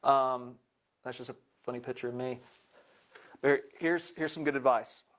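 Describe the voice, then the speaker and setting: A man's voice: mid-range voice, fairly even intonation, normal speed, a bit bright. A man giving a live presentation in an upbeat, joking way.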